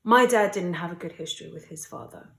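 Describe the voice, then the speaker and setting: A woman vlogging casually to camera while traveling, shifting between playful chatter and quiet emotion. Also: fairly low pitch, fairly quick, creaky, reverberant, a little hiss or hum. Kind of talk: casual vlog talk to camera. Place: outdoors at cemeteries.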